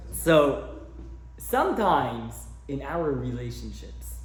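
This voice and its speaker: A man's voice: fairly high pitch, lively intonation, measured pace. A man teaching a class as a rabbi, lecturing and telling stories as he acts out the characters. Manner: warm storyteller who acts out his characters. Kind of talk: lecture with storytelling. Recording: roomy echo.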